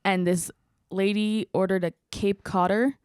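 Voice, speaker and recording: A woman's voice: medium pitch, unhurried, clear, resonant tone, no echo, clean studio sound. A woman and bartender chatting on a podcast, telling bar stories and acting out customers with laughs. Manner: animated storyteller, acts out customers with laughs. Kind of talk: casual chat.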